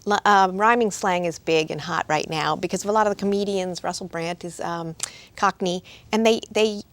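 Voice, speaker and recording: A woman's voice: on the low side, moderate pace, a bit bright, no room sound. A woman author chatting eagerly as a TV guest, often restarting words and laughing as she talks. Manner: laughs often while talking. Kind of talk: casual talk-show chat. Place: local TV studio.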